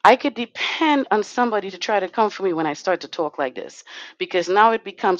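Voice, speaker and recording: A woman holds forth on a podcast in a fiery, blunt monologue, swearing freely and speaking straight at her listeners. Her voice sits at an ordinary middle pitch. The sound is dry and a little dull, with no room echo. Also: animated, fairly quick. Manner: talks straight to the chat audience. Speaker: podcast co-host and community organizer.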